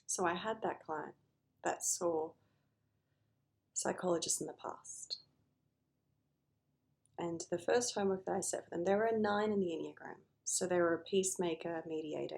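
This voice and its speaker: Gravelly-voiced woman therapist talking earnestly. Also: fairly low pitch, normal speed, long pauses, a little mellow. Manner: earnest, acts out client conversations. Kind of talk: talking to camera about emotions.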